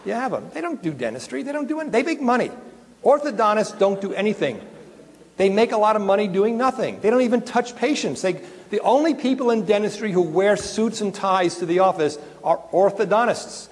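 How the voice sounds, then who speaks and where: A middle-aged man with a high voice gives a lively, joking lecture to a roomful of dentists. His voice rings out with a long reverb from the large hall. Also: fairly quick. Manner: animated, joking, swears and digresses. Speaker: dental emergency lecturer. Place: lecture room with an audience.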